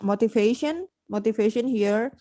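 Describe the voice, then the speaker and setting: A woman's voice: fairly high pitch, moderate pace, mellow, no room sound. A woman hosting a casual podcast on learning English. She explains things simply and repeats her key points. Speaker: podcast host and English teacher.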